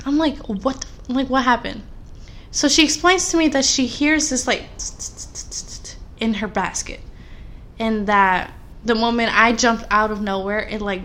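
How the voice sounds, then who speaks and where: A young woman co-hosting a podcast in casual chat, telling animated, rambling stories full of fillers. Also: on the high side. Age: young adult. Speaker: podcast co-host.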